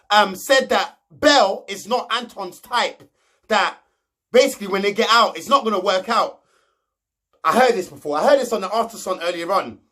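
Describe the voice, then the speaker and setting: A man's voice: sits high, pushed and bright. A young man, recapping reality TV gossip in a slangy, mocking, rambling way. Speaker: reality show recap host.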